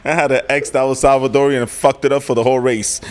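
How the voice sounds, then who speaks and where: Casual host: man, Puerto Rican New York accent, slangy and profane, quick to laugh. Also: mid-range voice, level tone. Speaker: podcast host. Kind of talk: casual chat.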